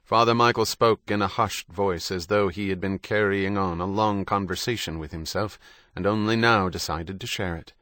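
A man narrating a novel in a measured, even storytelling manner. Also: low voice, no echo, studio quality. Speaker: audiobook narrator. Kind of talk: scripted narration.

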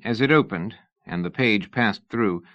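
Low-voiced male audiobook narrator. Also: unhurried, a bit bright, dull audio. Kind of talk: scripted narration.

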